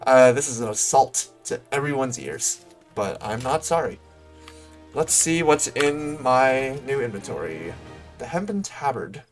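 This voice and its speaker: Joking man streaming a game, lively voice. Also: mid-range voice, a little slow, soft background music. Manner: joking, self-deprecating asides. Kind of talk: live game stream commentary.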